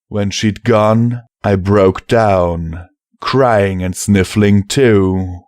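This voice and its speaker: A man narrating a fan fiction audiobook in the first person, emotional and measured. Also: lowish voice, darkish tone, no room sound, clean studio sound. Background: faint music.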